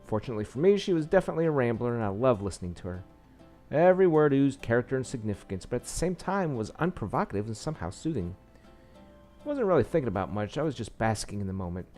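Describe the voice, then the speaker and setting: Man reading a story with lively pitch. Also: fast talker, faint music behind. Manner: reads narration with asides and small slips. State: losing his voice. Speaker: game narrator. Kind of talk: reading a visual novel aloud.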